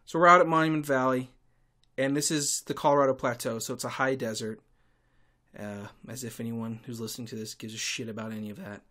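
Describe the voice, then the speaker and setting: A man rants through a solo podcast in a sarcastic, fed-up tone. His voice sits at an ordinary male pitch and now and then bursts out loud. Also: fairly even intonation, brisk. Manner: sarcastic, irritable, with sudden loud outbursts. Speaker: podcast host and tour guide. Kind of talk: casual ranting monologue.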